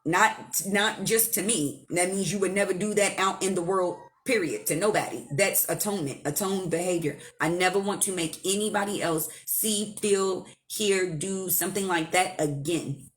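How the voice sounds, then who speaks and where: A woman hosting a casual live stream from home, giving spiritual advice in a blunt, profane, animated way. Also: on the low side, moderate pace, hardly any pauses. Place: at home with her child nearby.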